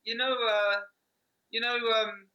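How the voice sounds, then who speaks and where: Man, band member, bright voice, somewhat high, chatty. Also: flat delivery, slow, highs cut off. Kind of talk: casual chat.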